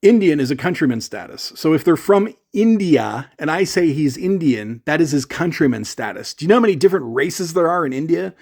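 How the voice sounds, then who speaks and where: A man's voice: on the high side, lively intonation, a little fast, hardly any pauses, a little mellow. A man from Canada telling a rambling, chatty story to camera about shipping his gear. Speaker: gear vlogger.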